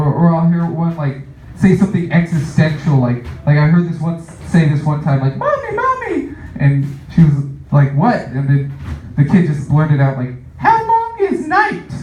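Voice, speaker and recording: A young man does a stand-up set, wandering through his bits with plenty of "like" and chuckling at himself. His voice sits a bit high but sounds mellow and dark. He is caught from a distance in a roomy, echoey space on a dull, muffled recording. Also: a little hiss or hum. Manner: rambling, filler-heavy, self-amused. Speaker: stand-up comic.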